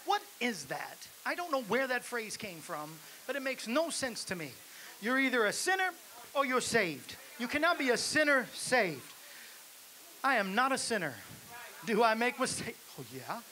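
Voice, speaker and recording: A man preaching a lively sermon in a church, exhorting the congregation and building to shouts. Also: very high voice, moderate pace. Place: church sanctuary. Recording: hissy live church recording.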